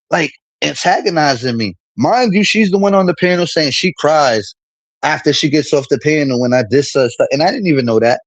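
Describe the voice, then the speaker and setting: Brief: male streamer, fired-up slangy rant, slightly high voice, dry close sound. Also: animated, normal speed, no room sound, muffled recording. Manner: heated, repetitive, street slang. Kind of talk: casual venting monologue.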